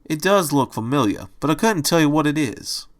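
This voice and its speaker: A man voicing a grumpy, streetwise male bunny who talks in a dry, gruff wiseguy manner. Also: fairly high pitch, lively intonation, moderate pace, pitched above the performer's own voice, natural voice.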